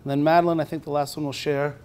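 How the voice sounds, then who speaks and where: A male teacher giving a conference presentation in a conversational way, slowing down when he reads aloud. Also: on the high side, flat delivery, darkish tone, clean tone. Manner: conversational, with restarts; slows down when reading aloud. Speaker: teacher presenting at a university talk.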